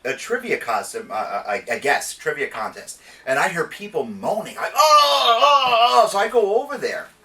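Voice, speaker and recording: A podcast host on a casual geek talk show rambles through stories, constantly restarting and correcting himself. His medium-pitched, fairly bright voice swings widely in pitch and runs a little fast, picked up from a distance.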